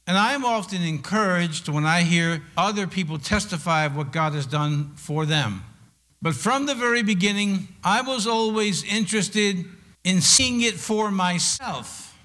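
An older man preaching a sermon, reading scripture slowly and with deliberate emphasis on each word. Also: high voice, expressive, bright, forceful tone.

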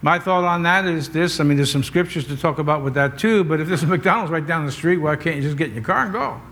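Older male pastor, slightly high voice, chatty sermon delivery with wry asides. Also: fast talker, a bit bright. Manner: conversational preaching with wry asides.

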